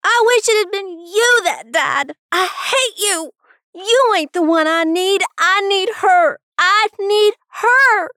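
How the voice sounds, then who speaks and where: A woman's voice: extremely high pitch, animated, pushed and bright, no room sound, clean studio sound, pitched above the performer's own voice, exaggerated voice. A woman voicing a young boy who screams out his rage and grief in a storybook reading. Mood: anguished rage. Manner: screaming, slow and strained. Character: grieving furious young boy.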